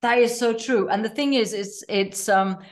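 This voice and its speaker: A woman's voice: mid-range voice, moderate pace. Earnest middle-aged woman with many fillers. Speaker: life coach guest. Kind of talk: casual podcast interview.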